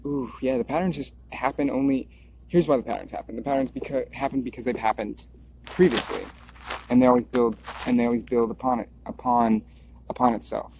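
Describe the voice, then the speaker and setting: A video creator talks a little fast, his medium-pitched voice darkish and fairly even in intonation. He drifts in a stream-of-consciousness ramble, repeating words and looping back on thoughts, in a dull lo-fi recording with slight background noise.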